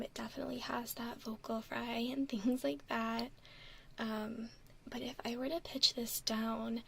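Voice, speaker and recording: Woman ASMR streamer, hushed whisper throughout, slow easy delivery. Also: fairly high pitch, creaky, slight background noise. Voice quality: soft whispering. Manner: gentle, giggly, thanks viewers by name. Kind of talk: whispered chat with stream viewers.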